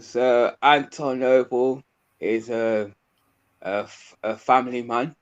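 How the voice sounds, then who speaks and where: A man with a Birmingham accent answering interview questions in a soft, hesitant way, with many pauses and fillers. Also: mid-range voice, fairly even intonation, highs cut off. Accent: Midlands English, Birmingham. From English Midlands. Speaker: interview guest, youth mentor.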